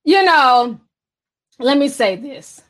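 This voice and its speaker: A woman hosting a livestream, chatting casually about celebrity gossip and reading viewer comments in a sassy, animated way. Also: sits high, slow. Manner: sassy, animated, chatty with mocking voiced quotes. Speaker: livestream host reading super chats.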